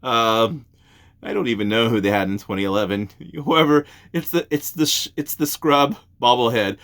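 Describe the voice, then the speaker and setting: A man's voice: medium pitch, expressive, moderate pace, a bit bright. A man hosting a casual comic show, reading reviews aloud, often breaking into laughter and wandering onto tangents.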